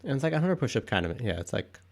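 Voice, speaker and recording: A man's voice: medium pitch, big pitch swings, quick pace, creaky. A man chatting casually to his live-stream viewers, out of breath after doing pull-ups and rambling as he thinks aloud. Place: indoors at home.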